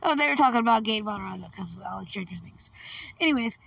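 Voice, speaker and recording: A woman's voice: medium pitch, animated, quick pace, creaky, fairly bright tone, no echo, far from the mic. A woman with a cold, chatting casually and reading a chatbot game's lines aloud with a laugh. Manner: chatty, laughs often, calls out characters. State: has a cold. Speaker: gaming vlogger.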